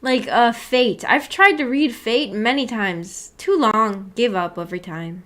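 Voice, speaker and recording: Chatty young woman with a higher voice. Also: unhurried, a bit bright. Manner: chatty and giggly, with frequent restarts. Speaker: streamer hosting a book club. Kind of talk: casual live-stream chat.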